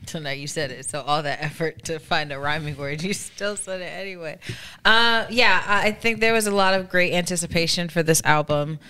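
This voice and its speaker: Smooth-voiced woman, rambling chat. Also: deep voice, no echo. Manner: rambling, animated storytelling. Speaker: podcast co-host. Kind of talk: casual chat.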